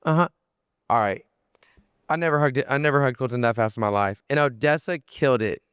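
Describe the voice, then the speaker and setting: Young male podcast guest, smooth clear voice, mid pitch, animated rambling storyteller. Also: brisk, no echo, clean studio sound. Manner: animated, lots of fillers and restarts, swears freely. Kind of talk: casual storytelling.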